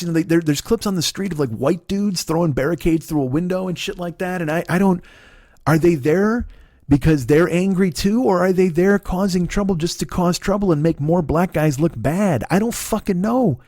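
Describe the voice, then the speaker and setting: A man in his forties ranting in a profane podcast monologue, agitated, sometimes dropping to a mutter and then rising to a shout. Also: sits high, normal speed, no echo, studio quality. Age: 40s. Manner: agitated, swearing, swings between muttering and shouting. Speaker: podcast host.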